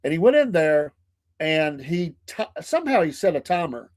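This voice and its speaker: A man's voice: on the high side, sing-song, moderate pace, a little mellow. A man co-hosting a casual chat show, telling funny stories and laughing often. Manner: storytelling, laughs often, acts out quoted voices. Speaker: podcast co-host.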